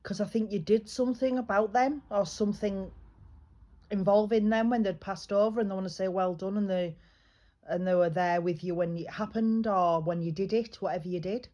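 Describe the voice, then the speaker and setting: A woman working as a psychic medium, giving a private reading in a chatty, reassuring way, often pausing and restarting her sentences. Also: medium pitch, fairly even intonation, mellow, muffled recording. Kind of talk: private spiritual reading, casual chat.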